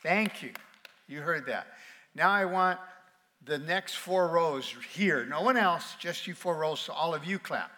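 Pastor, man, high bright voice, lively sermon in a reverberant auditorium, teases and prompts the crowd. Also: a little slow. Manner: playful, calls on the congregation to respond. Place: large auditorium with balcony.

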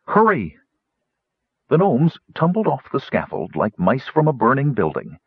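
A man narrates a fantasy story in a dramatic, measured way. His husky, low voice swoops widely. The recording is dry, dull and lo-fi. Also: wildly swooping pitch, no room sound. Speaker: audiobook narrator.

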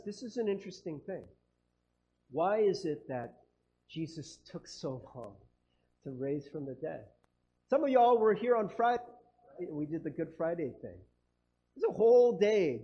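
A man's voice: on the high side, warm tone. A man preaching a conversational sermon as a pastor, chatty and casual, acting out quoted voices and laughing often. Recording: dull lo-fi sound.

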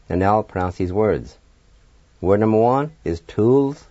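A man with a lowish, warm, expressive voice teaches a radio language lesson at a measured pace, patiently spelling words letter by letter and encouraging learners. There's no room sound, and the radio audio is dull, dry and lo-fi.

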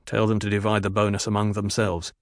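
A man's voice: fairly low pitch, completely flat delivery, a little fast, no echo, clean studio sound, natural voice. A man voicing Gurney Halleck, a blunt, shrewd soldier who gives orders plainly. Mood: commanding. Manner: blunt, commanding.

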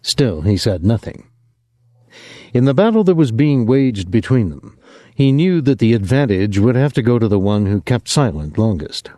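A male audiobook narrator with a mellow, expressive, medium-pitched voice reads scripted narration at a moderate pace. The recording is dry and has clean studio sound.

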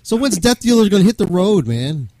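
A man's voice: sits high, sing-song, mellow, dry recording. A male radio host interviewing a guest in a casual, easygoing way. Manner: easygoing, quick backchannels and laughs.

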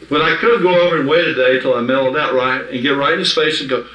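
Speaking quickly with few pauses, a man with a mid-range, bright, forceful voice gives informal Bible teaching to a small group. He's conversational and emphatic and often checks his listeners are following. Echoey room, distant microphone.

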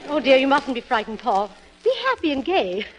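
A woman's voice: high voice, big pitch swings, fairly quick, long reverb tail, rough recording. A woman hosting a 1940s radio variety show, chatting in a theatrical, playful, gushing way.

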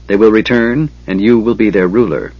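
A man's voice: on the low side, normal speed, darkish tone, no room sound, highs cut off. A man reading aloud, voicing a stern, bitter tribal warrior who talks tersely and coldly. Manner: terse, cold.

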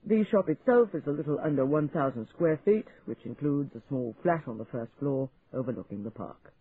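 A man's voice: mid-range voice, expressive, moderate pace, husky. A man reading an audiobook, voicing a pale, thin teenage clerk who speaks in a tired, dismissive way. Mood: weary. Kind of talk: audiobook dialogue. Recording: tinny phone-like sound, faint hiss.

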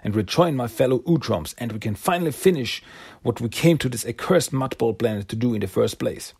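A man's voice: medium pitch, expressive, fairly quick, darkish tone, slightly rough. A man doing Krang, a cold scheming alien warlord. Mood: triumphant. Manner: stiff formal villain speech.

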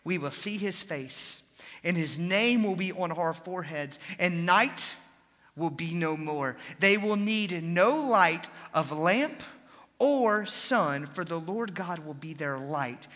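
A young adult man preaching a sermon, switching between scripture and animated, folksy storytelling asides. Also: a little high, takes it slowly, long reverb tail.

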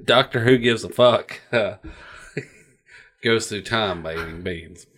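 A man's voice: on the low side, slow, fairly bright tone, slightly rough. A man co-hosting a podcast, casual chat, crude and joking, laughing often and swearing a lot. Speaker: podcast co-host.

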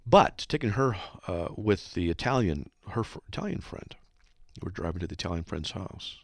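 Deep-voiced, earnest Christian radio host. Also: male voice, sing-song, normal speed, vocal fry, no echo, clean studio sound. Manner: earnest, exhorting.

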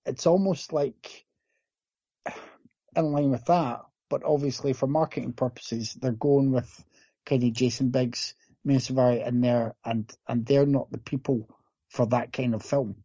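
Man from the uk, gravelly, husky, mellow, hesitant film chat, dull lo-fi sound. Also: medium pitch, steady tone, unhurried, no room sound. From United Kingdom. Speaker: film reviewer. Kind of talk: casual movie review chat.

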